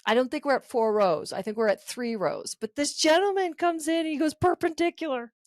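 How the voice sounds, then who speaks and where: A woman co-hosting a podcast, telling a story in an animated way and swearing freely. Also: high-pitched, brisk, dry recording. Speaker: podcast co-host. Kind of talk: casual chat.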